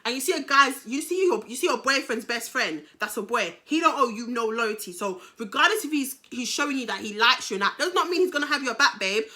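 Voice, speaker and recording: A young woman with a British accent tells a personal story in a casual storytime vlog, animated, slangy and full of swearing. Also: on the high side, brisk, hardly any pauses. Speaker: YouTuber telling a story.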